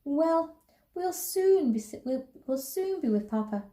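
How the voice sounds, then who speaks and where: A calm, careful mother, quiet and firm, as a woman reads her from a storybook. She speaks low and subdued, with a mellow, soft tone. A roomy echo surrounds her. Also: moderate pace, close to an everyday voice. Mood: relieved.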